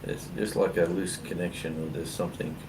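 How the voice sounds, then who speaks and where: A man's voice: deep voice, flat delivery, fairly quick. An Australian man co-hosting a live stream, chatting in an easygoing, rambling way with blokey slang. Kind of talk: casual online chat. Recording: hissing mic with background noise.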